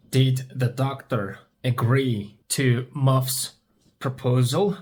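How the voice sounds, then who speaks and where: In this story-based English speaking practice, a Turkish-native male teacher poses questions about a story, repeats each one, then answers it himself. He talks at a slow pace with a medium pitch.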